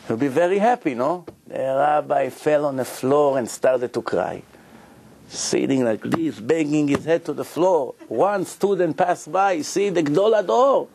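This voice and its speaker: A man with a slightly high voice and vocal fry teaches a Torah lecture as a rabbi. He tells an animated story, acting out the dialogue and asking listeners questions, and his English grammar is non-native.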